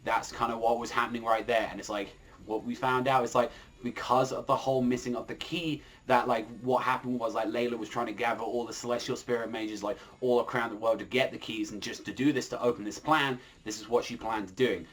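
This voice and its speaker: A man's voice: mid-range voice, steady tone, fairly quick, a bit bright. A man reviewing a manga chapter in a casual, rambling way, full of fillers and swearing.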